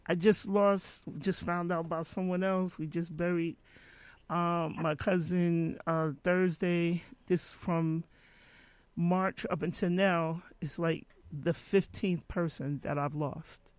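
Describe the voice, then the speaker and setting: A woman hosting a casual remembrance chat, animated, with many restarts and frequent laughter. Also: fairly low pitch, slow pace, smooth, no echo. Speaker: host.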